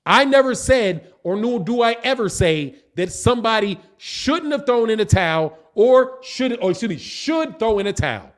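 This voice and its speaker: A man's voice: sits high, animated, moderate pace, hardly any pauses. A man hosting a boxing channel livestream, answering the chat in a combative, repetitive way. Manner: combative, repetitive, insults critics.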